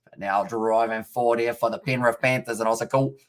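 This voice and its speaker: A man's voice: medium pitch, fairly even intonation, fairly quick. A man from New Zealand giving casual live-stream commentary on a rugby league match, chatting with viewers and reading out chat between plays.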